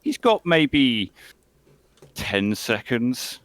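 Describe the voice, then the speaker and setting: A man running a tabletop game as game master, narrating in a calm, matter-of-fact way. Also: mid-range voice, extremely slow, dry recording.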